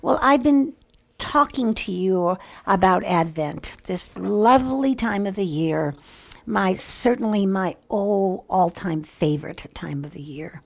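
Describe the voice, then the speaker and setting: A woman's voice: mid-range voice, animated, takes it slowly, gravelly, a little mellow. An older woman giving a devotional teaching talk to women, earnest and musing, with small self-mocking asides. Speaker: Christian women's ministry teacher.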